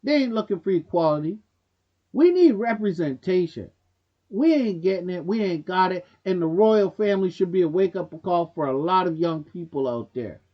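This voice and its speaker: A man with a high-pitched voice, lively intonation and a moderate pace hosts a commentary show, recorded with dull audio. He delivers a blunt, preachy opinion monologue straight to viewers in loose, casual speech that drops grammar.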